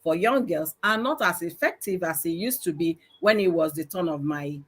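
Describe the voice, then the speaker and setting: A middle-aged woman with a Nigerian accent, telling stories loudly and with emphasis on a live-streamed panel discussion. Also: lowish voice, animated, normal speed, slightly rough. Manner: loud, emphatic, storytelling. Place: live stream video call.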